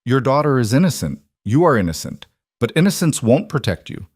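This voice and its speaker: A man voicing a calm, menacing mafia boss. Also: mid-range voice, husky, dry recording, clean studio sound, voice pushed up. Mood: cold calm. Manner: calm, measured, quietly threatening. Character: cold, commanding mafia boss man, about forty.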